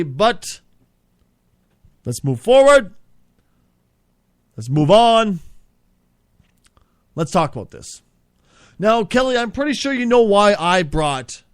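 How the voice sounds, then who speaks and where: A man's voice: high-pitched, big pitch swings, measured pace, pauses often, smooth, no echo, clean studio sound. A man hosting an improvised comedy show, ranting in a profane, exasperated, rambling way.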